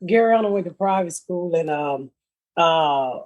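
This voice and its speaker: A woman's voice: lowish voice, expressive, a little slow, a little mellow, slight background noise. A middle-aged woman hosting a podcast, telling stories in a blunt, profane, comedic way and laughing through them. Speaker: podcast host. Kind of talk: casual comedic storytelling.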